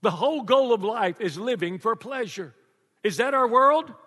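An older man preaching a sermon to a congregation, animated and joking, laughing often. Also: extremely high pitch, normal speed, breathy edge. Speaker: pastor. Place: church before a congregation. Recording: long reverb of a large church.

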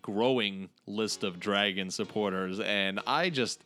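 A man's voice: fairly low pitch, slow pace, sharp tone. A man co-hosting a tabletop gaming podcast in casual chat, explaining things with enthusiasm. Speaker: podcast co-host.

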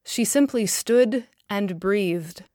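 A woman narrating a story in a calm, measured reading. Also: medium pitch, dry recording, studio quality.

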